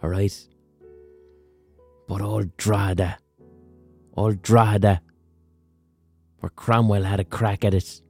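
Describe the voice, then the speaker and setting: A man talks alone into a podcast mic in a low, mellow voice. He swears freely, rants, and pokes fun at himself. A faint instrument plays softly behind him. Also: fairly even intonation, slow pace, long pauses, faint music behind. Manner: profane, rants, self-mocking. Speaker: podcast host. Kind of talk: casual monologue.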